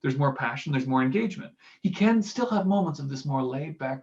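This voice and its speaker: A man with a gravelly, slightly raised voice talks through speech technique in a casual, analytical way. He sometimes breaks into short acted example lines to show how delivery could sound. The audio is dull and lo-fi. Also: fairly high pitch, brisk, few pauses, a little mellow. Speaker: speaking coach commenting on clips.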